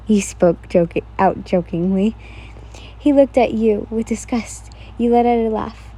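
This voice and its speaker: A woman's voice: mid-range voice, measured pace, warm tone, husky. A woman casually reading a listener-insert fan fiction story aloud, stumbling and restarting now and then. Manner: reads casually, with slips and restarts.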